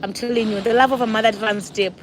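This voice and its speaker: High-voiced chatty woman in her forties. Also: steady tone, fast, slight background noise. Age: 40s. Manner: chatty, talks to viewers, laughs often. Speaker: vlogger, mother. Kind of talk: casual sit-down chat.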